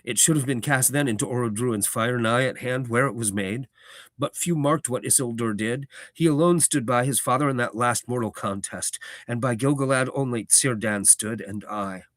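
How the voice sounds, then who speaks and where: A man voicing an ancient, grave elf lord who speaks in a slow, stately, lyrical way. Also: mid-range voice, dry recording, clean studio sound, natural voice. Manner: slow, stately, elevated delivery.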